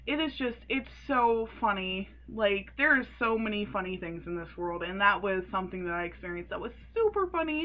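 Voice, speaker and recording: A woman in her early twenties telling a story in a casual vlog, animated and sassy, laughing often. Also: medium pitch, low-quality recording. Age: 20s. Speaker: vlogger.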